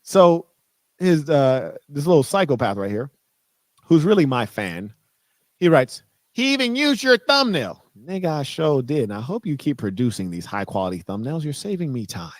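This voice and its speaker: A man's voice: mid-range voice, sing-song, moderate pace, a little mellow, no echo. A man in a clipped monologue, boastful and condescending toward commenters. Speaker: online personality in a clipped video.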